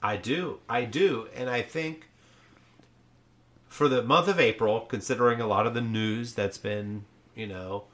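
A man's voice: mid-range voice, unhurried, fairly bright tone. A man co-hosting a satirical podcast chat, playing it mock-earnest, agreeing emphatically and swearing freely. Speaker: podcast co-host.

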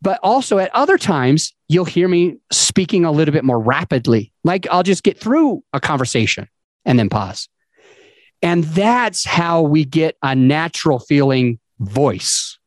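A man's voice: a little high, sing-song, unhurried, no echo. Man with a dry, close voice. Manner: conversational, loose, with fillers and restarts. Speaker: podcast host. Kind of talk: casual advice talk.

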